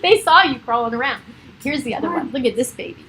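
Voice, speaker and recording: Middle-aged woman, rather high voice, rambling chatty livestream host at home with light background hiss. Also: fast, pushed and bright, rough recording. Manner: chatty, rambling, laughs often. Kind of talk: casual chat on a livestream. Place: home with children and pets around.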